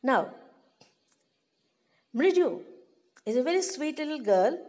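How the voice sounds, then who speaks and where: A woman's voice: sits high, very animated, slow, dark tone. A woman teacher, reading a story aloud and explaining it to pupils, often repeating herself. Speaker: English teacher.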